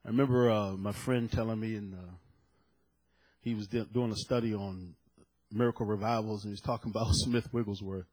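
A man's voice: fairly low pitch, steady tone, a little fast. A male preacher delivering a sermon, emphatic and dramatic, repeating key phrases for effect. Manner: dramatic storytelling with sudden loud peaks.

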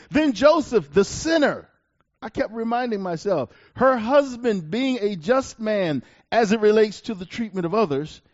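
A man preaching a sermon, reading scripture aloud and swinging from loud declarations to quiet asides. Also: highs cut off. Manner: emphatic, rising to loud declarations then dropping low.

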